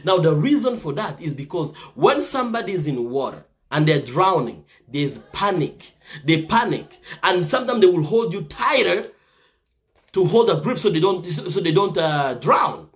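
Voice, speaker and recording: Animated man giving advice. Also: sits high, normal speed. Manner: animated, repeats himself, stumbles and restarts. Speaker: motivational speaker. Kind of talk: casual motivational talk.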